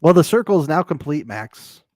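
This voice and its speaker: A man's voice: on the high side, big pitch swings, moderate pace, a little mellow, dry recording, studio quality. A man co-hosting a live TV recap podcast, chatting casually, laughing often and plugging the show. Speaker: podcast co-host.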